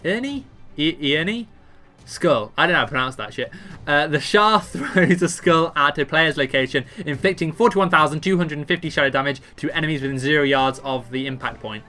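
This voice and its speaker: A man's voice: on the high side, a little fast, few pauses, sharp tone. A man casually reading out game ability text and commenting offhand, stumbling over words. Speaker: gamer explaining a raid boss.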